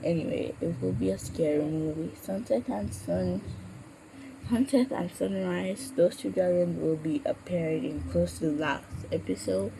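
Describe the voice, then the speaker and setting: A woman's voice: lowish voice, normal speed, creaky. A woman puppeteer chatting casually, with a sore throat from a cold and stumbling over her words. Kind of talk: casual chat. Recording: steady background noise.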